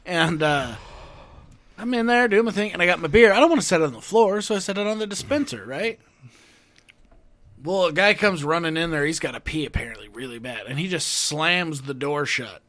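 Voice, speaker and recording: A man with a high, bright voice chats with friends, eager and quick to laugh. He jumps in to add details and acts out the other people in the story. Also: expressive. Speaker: podcast co-host. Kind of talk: casual chat.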